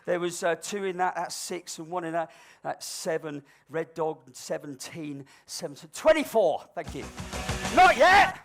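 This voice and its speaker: A man's voice: on the high side, normal speed, gravelly, a little mellow, faint music behind. A middle-aged man doing live stage comedy as a balloon performer, with cheeky, cajoling banter aimed at an audience volunteer.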